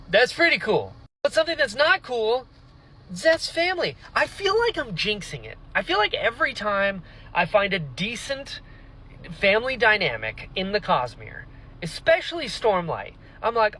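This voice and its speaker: Lively, high-voiced man reacting to a book. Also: moderate pace, low-quality recording. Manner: animated, emotional reactions, casual swearing. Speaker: book reviewer. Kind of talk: casual book reaction vlog.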